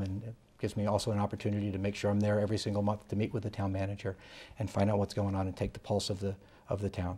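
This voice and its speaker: A man with a warm, lowish voice and a Massachusetts accent speaks as a political candidate in an interview. He rambles, peppering his answers with "you know."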